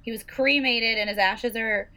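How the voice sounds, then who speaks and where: A woman's voice: a little high, steady tone, normal speed, sharp tone. A young woman and teacher co-hosting a podcast, chatting casually with lots of laughs and filler words. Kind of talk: casual chat.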